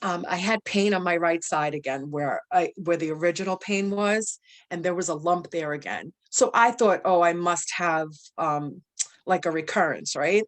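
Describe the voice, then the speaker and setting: A young adult woman telling her own story in a lively, rambling way, full of fillers, often acting out what people said. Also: fairly low pitch, normal speed. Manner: animated, many fillers, quotes people in dialogue. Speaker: cancer survivor guest. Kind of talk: personal storytelling.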